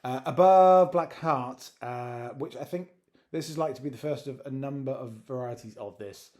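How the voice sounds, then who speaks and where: Casual guy co-hosting, jokey and rambly, keeps restarting his sentences, mid-pitched voice. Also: moderate pace, a little mellow. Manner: rambling, self-correcting, jokey. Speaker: co-host. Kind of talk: casual chat.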